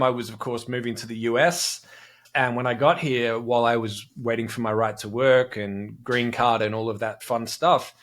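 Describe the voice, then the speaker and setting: An Australian man in his forties, a podcast guest who tells his story in a brisk, matter-of-fact way. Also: mid-range voice, a bit bright. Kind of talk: casual interview chat.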